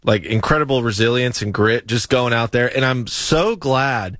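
Halting, teasing man. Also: medium pitch, fairly bright tone, no echo. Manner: halting, restarts often, teasing. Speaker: podcast co-host. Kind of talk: casual sports chat.

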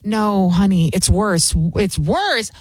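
A woman voicing a mocking impression of an older wife gently waking her husband. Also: medium pitch, animated, slow, slightly rough, no room sound, clean studio sound. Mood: coaxing. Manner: soothing, singsong repetition.

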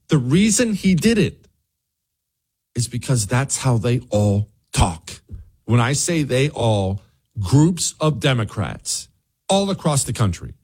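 A man's voice: medium pitch, husky. A man hosting a talk show, delivering an emphatic, sarcastic opinion monologue. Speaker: radio show host.

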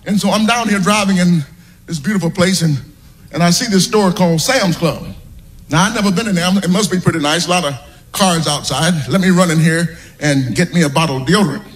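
A man's voice: high voice, fairly quick, long reverb tail. A man doing a stand-up comedy set, telling rambling everyday anecdotes.

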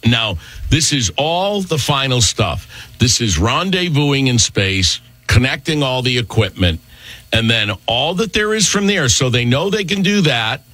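Man, radio host, casual morning banter, lively swooping pitch, dry close sound. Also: measured pace, no echo. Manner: joking, animated banter.

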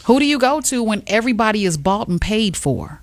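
A woman hosting an afternoon radio show, telling stories in an animated, emphatic way. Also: mid-range voice, brisk, no room sound. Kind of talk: casual radio chat.

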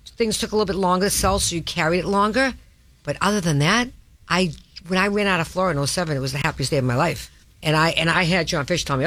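A woman's voice: on the low side, fast, fairly bright tone, dry recording. A woman with a Boston North Shore accent hosting a talk radio show, blunt and emphatic in casual chat. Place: radio studio.

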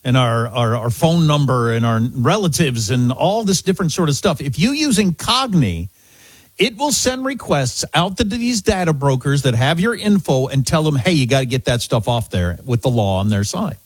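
Man, radio co-host, excitable banter with lots of pitch movement, dry close mic. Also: moderate pace, husky, no echo. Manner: animated, excitable, repeats himself.

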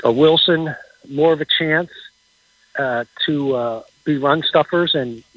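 A man giving casual football insight as a radio guest, halting and repeating words as he talks. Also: fairly high pitch, slightly rough, no room sound, muffled recording. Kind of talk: casual sports talk on radio.

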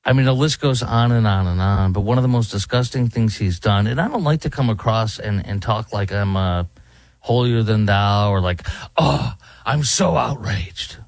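A man's voice: on the low side, normal speed, darkish tone, no room sound. A man, hosting talk radio and giving indignant, rambling commentary. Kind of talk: opinionated commentary. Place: studio in Dallas.

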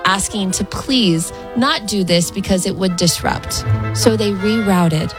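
A woman's voice: medium pitch, measured pace, music in the background. A woman co-hosting a morning radio show, chatting casually and laughing easily while reading entertainment news.

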